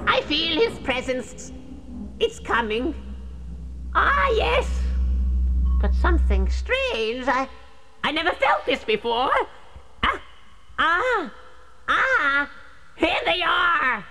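A woman voicing a fearful, suspicious witch who summons the dead, gasping and shrieking her lines over loud background music. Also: high-pitched, big pitch swings, slow, long pauses, voice pushed up, full character voice. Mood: frightened. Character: frantic fearful female witch, a medium.

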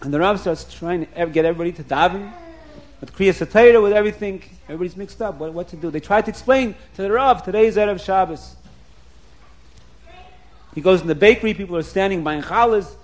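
High-voiced man telling a chuckling tale. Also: quick pace. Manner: lively, chuckling often, repeats words. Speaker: storyteller. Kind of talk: animated storytelling.

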